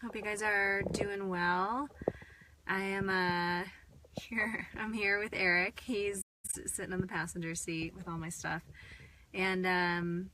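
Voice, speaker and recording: A woman channeling in a casual live-stream talk from inside a car, sounding tired with a slightly hoarse throat and chatting with lots of fillers and soft laughs. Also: mid-range voice, level tone, slow pace, a little hiss or hum. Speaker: spiritual channeler.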